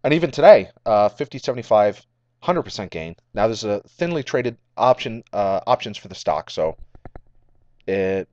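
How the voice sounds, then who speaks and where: A man's voice: fairly low pitch, very animated, normal speed, darkish tone, dry recording. A man hosting a casual stock market recap over charts, rambling and cracking jokes at his own puns. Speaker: market commentary host. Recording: dry, slightly dull lo-fi audio.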